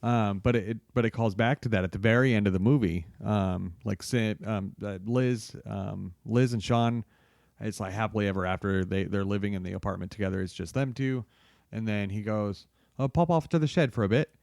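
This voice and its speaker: A man's voice: fairly low pitch, steady tone, normal speed, gravelly, a little mellow, no room sound, clean studio sound. A man co-hosting a podcast, laid-back and casual, chatting about a movie and adding short agreeing replies. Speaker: podcast co-host.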